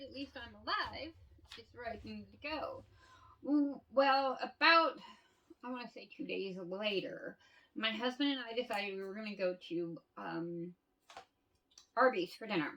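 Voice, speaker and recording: A woman's voice: a little high, measured pace, a bit bright, recorded from a distance, lo-fi sound. A woman telling stories in a candid casual monologue, swearing freely and laughing often. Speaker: vlogger.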